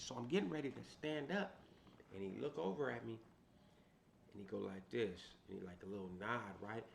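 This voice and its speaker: A man's voice: mid-range voice, vocal fry, slight background noise. A man from Sacramento, California, telling a prison story in laid-back street talk, tagging many lines with "right?".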